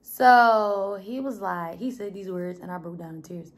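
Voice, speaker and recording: A woman's voice: medium pitch, unhurried. A woman in her twenties with an American accent, telling stories in a casual, blunt vlog and swearing freely. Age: 20s. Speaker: vlogger.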